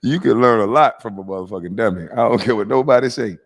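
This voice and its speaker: A man's voice: mid-range voice, quick pace. A man hosting a stream, mocking clips in profane casual roast commentary, his nose stuffy. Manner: mocking, profane, bursts into laughter. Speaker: host reacting to clips.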